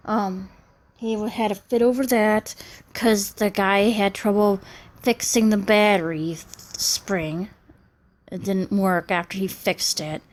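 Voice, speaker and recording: A woman's voice: mid-range voice, steady tone, slow, long pauses. A woman in her thirties venting in a personal vlog, rambling and aggrieved, restarting her sentences often. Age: 30s. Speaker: vlogger.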